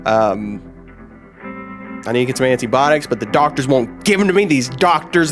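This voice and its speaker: Game reviewer, male, sick and nasal, rambling and wry, soft soundtrack underneath. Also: medium pitch, big pitch swings, brisk. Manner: joking, rambling, self-correcting. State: nasal from a sinus infection. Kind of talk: casual game review commentary. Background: game soundtrack music.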